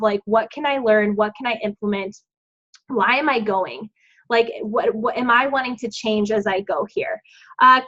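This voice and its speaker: A woman's voice: a little high, bright, forceful tone. A woman giving her team an encouraging, chatty pep talk, full of "like" and "um". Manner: bubbly and encouraging, lots of "like" and "um". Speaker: team coach leading a group call. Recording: dull lo-fi sound.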